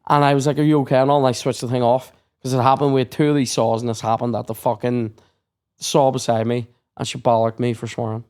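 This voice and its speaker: A man's voice: mid-range voice, level tone, fairly quick. Sweary man telling stories. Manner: sweary storytelling, acts out shouted quotes. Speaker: podcast host. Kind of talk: casual chat.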